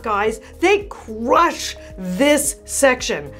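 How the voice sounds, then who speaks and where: A woman interior designer hosting a review vlog, gushing and animated, with lots of excited exclamations. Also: high-pitched, extremely slow, soft background music. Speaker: interior designer and channel host. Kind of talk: enthusiastic product review vlog.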